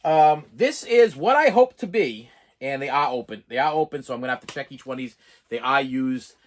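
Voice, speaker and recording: A man with a Boston accent rambling excitedly through a casual unboxing vlog and talking straight to his viewers. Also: medium pitch, a little fast. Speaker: physical media collector unboxing.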